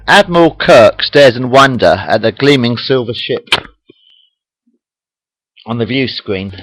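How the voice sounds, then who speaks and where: A man's voice: medium pitch, a bit bright, no room sound, low-quality recording. A man casually reading his own story aloud at home on a webcam, apologizing and restarting lines. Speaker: amateur storyteller.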